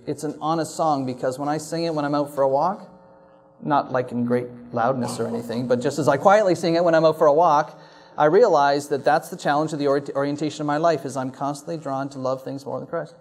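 A man's voice: a little high, steady tone, brisk, darkish tone. A man delivering a sermon as a pastor, earnest and reflective, leaning on emphatic repetition.

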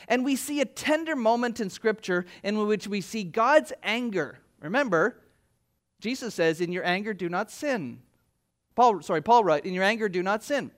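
A man preaching a sermon, retelling scripture in his own words and acting out the speakers in lively voices. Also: high-pitched, normal speed. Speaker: pastor.

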